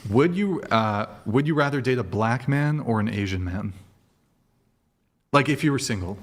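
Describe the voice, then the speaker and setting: Man, host, teasing, casual questions, middle pitch. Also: lively intonation, normal speed. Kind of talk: casual dating debate.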